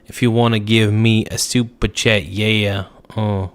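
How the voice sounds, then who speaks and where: A man's voice: lowish voice, little pitch movement, smooth. A man hosting a casual livestream, reading out viewer comments and joking back with sudden outbursts. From United States. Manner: joking, riffing, slow drawl with sudden outbursts. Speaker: livestream host.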